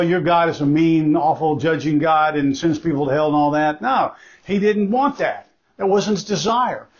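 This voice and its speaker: A man preaching a sermon as pastor, emphatic and conversational, repeating key phrases for stress and breaking off into asides. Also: a little high. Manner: conversational, with asides and self-corrections. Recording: dull lo-fi recording.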